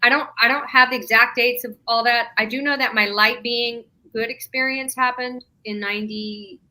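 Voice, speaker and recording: A bright, ringing woman's voice, pitched a little high, tells a long personal story. She is middle-aged and talks conversationally, acting out the lines of the people in her tale with real feeling. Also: moderate pace. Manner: animated, emotional retelling with quoted dialogue. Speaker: podcast guest.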